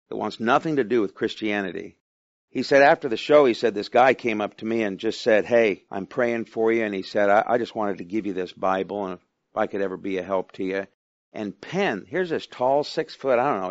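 A man's voice: medium pitch, no echo, muffled recording. A man preaching a sermon in a conversational manner, often asking the listeners questions.

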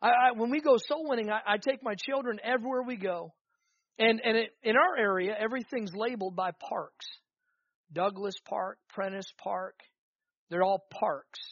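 A man preaches to his church in a high voice that climbs as he presses each point, repeating lines for emphasis. The sound is dull and muffled, with a dry, close feel. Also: moderate pace, fairly bright tone, dry recording. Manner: preaching with rising fervor, repetitive emphatic phrases. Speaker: pastor. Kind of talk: sermon.

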